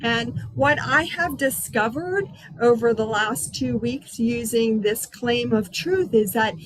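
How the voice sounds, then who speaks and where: A woman hosting a spiritual healing circle over a video call from her outdoor patio, talking in a gentle, unhurried, chatty way. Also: on the high side, rough recording.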